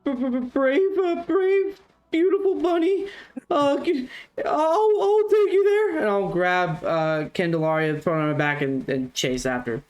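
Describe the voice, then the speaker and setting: A timid janitor in a tabletop game, gushing and stammering in a very high, loud voice, as a woman plays him. Eager to please and shy of combat. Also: lively intonation, measured pace, muffled recording. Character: timid gushing janitor who shies from fighting.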